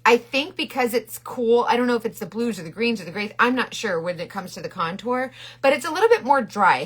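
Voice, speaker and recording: Woman, middle-aged, higher voice, chatty and bubbly live-stream host, rambling delivery. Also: fairly bright tone. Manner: chatty, bubbly, greets viewers by name; rambling with frequent restarts. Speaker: makeup seller doing a live stream. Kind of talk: casual live-stream makeup demo.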